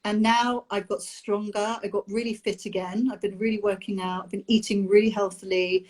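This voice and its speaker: Woman talking openly, halting with ums. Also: medium pitch, steady tone. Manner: open, halting, with many ums and restarts. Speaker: nanny sharing her IVF experience. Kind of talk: candid personal chat.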